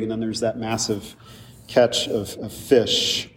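A man's voice: fairly low pitch, little pitch movement, slow pace, fairly bright tone. A man preaches from the pulpit, speaking to his congregation in a conversational way with touches of humor. He sounds set back from the microphone, and his voice rings through a long, echoing church hall. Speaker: pastor. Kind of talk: sermon. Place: church sanctuary. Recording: distant mic with long hall reverb.

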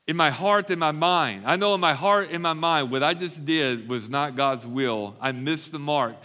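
Bright-voiced emphatic male pastor preaching. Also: high voice. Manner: emphatic preaching, repeats phrases for stress. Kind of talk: sermon. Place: church recovery meeting.

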